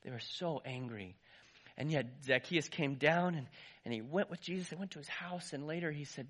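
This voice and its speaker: A man preaching to a congregation, telling the story with lively ups and downs. His voice is husky and sits a little high. He restarts phrases now and then. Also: moderate pace. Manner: lively retelling, voice rising and falling, some restarts. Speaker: pastor. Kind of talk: sermon storytelling.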